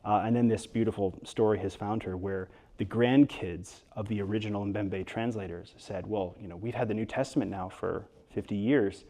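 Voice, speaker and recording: A man being interviewed about his book in front of an audience, telling stories in a lively way with quick asides and frequent restarts. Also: on the low side. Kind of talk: storytelling interview talk before an audience. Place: event hall with an audience.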